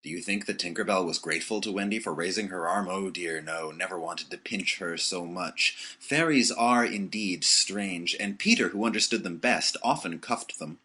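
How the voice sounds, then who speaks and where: A man narrating an audiobook with expressive storytelling. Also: low-pitched, normal speed, hardly any pauses, slightly rough.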